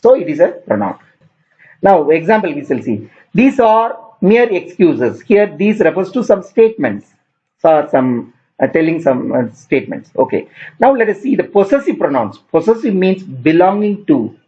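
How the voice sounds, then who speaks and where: Male English teacher, high animated voice, patient and repetitive delivery, dull lo-fi sound. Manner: explains slowly, repeating terms, with examples. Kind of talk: grammar lesson.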